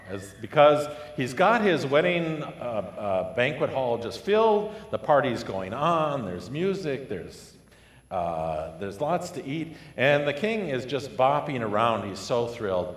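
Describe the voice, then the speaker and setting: A man preaching a sermon, telling a parable with lively storytelling and acted-out voices. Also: mid-range voice. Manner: animated storytelling, acting out voices. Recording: echoey hall with long reverb.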